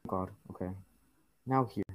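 A man's voice: deep voice, measured pace. A man giving casual gameplay commentary, grumbling and swearing at the game in frustration. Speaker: gaming YouTuber.

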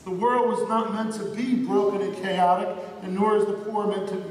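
Man, pastor, high voice, earnest sermon, long church reverb, faint room hum. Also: little pitch movement, a little mellow. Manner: earnest, slows down for emphasis. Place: church sanctuary. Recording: echoey church hall from far off.

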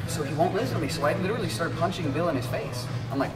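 A man telling a wild story in casual, profane, animated chat and acting out the voices. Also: a little high, racing, echoey room, far from the mic, loud music behind the voice. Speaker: guest, jiu-jitsu fighter.

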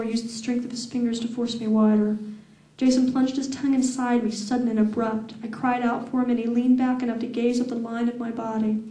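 A woman reading her own novel aloud at a fan event, with slow, deliberate, sensual delivery. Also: a little high, mellow, distant mic. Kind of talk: public reading of fiction. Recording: echoey room heard from afar.

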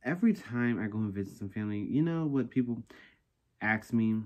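A man's voice: mid-range voice, expressive, brisk, darkish tone. A young man vlogging in a sassy, rambling casual chat, talking himself through a craft project. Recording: noisy background hiss.

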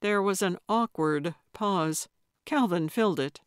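A woman narrating a cozy mystery audiobook in measured, even storytelling on a close studio mic. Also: fairly low pitch, dry recording. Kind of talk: scripted narration.

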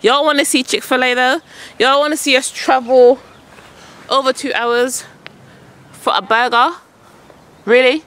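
A woman's voice: high voice, steady tone, measured pace, long pauses, fairly bright tone, clear, resonant tone. A woman coaching her son at tennis on an outdoor court, calling out shots and chatting casually to her vlog viewers. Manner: calls out shots, chatty and coaxing.

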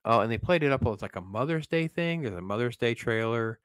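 A man's voice: medium pitch, animated, brisk, fairly bright tone, clear, resonant tone, dry recording. A man reviewing a film in a casual, rambling way, sounding exasperated and using lots of fillers.

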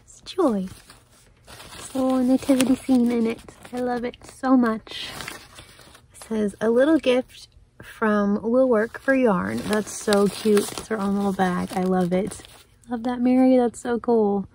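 A woman chatting casually and excitedly as she opens mail, often laughing and thanking the sender. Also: fairly high pitch, measured pace, a little hiss or hum. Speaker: crafting vlogger. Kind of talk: casual unboxing chat.

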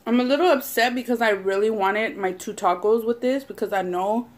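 A woman's voice: fairly high pitch, brisk, a little hiss or hum. A young woman vlogger and mother who chats casually and swears a lot while eating on camera. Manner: chatty, swears a lot, rambling. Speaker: mukbang vlogger. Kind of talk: casual eating-show chat.

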